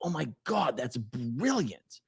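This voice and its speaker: A man's voice: mid-range voice, very animated, takes it slowly, creaky, breathy edge, no room sound, clean studio sound. A man hosting a casual live stream, rambling and self-correcting as he reads viewer comments, often laughing.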